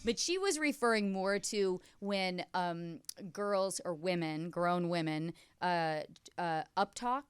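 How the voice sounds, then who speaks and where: Woman guest, opinionated and emphatic, low smooth voice, dry studio mic. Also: takes it slowly, few pauses, no room sound. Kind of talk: casual chat. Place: radio studio.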